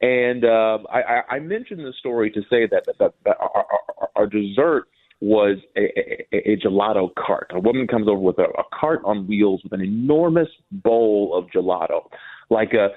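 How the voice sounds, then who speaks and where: Man telling stories over a tinny line. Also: normal speed. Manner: animated storyteller, mimics people in a higher voice. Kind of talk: casual chat. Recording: dry, phone-like narrow sound.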